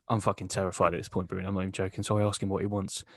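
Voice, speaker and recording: A man co-hosting a comedy podcast, telling a crude, deadpan tall tale. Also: low-pitched, racing, no room sound, studio quality. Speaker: podcast co-host. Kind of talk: comic storytelling.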